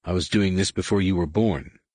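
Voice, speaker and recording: A man's voice: low voice, a little fast, darkish tone, dry recording, studio quality. A man voicing a stubborn, commanding woman in an audiobook, firm and clipped.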